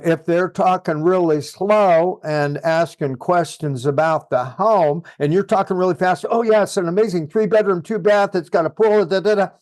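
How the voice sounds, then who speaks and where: A man's voice: fairly high pitch, a little mellow, no room sound. Man coaching in a dry, close sound. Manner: coaching, reads sample texts aloud with punctuation. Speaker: real estate trainer. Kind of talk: online training session.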